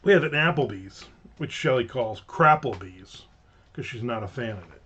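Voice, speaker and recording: A man's voice: medium pitch, expressive, moderate pace, fairly bright tone. Middle-aged man rambling through jokey tangents. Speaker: livestream host. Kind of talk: casual rambling livestream chat. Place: at home with windows open. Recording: slightly dull lo-fi sound.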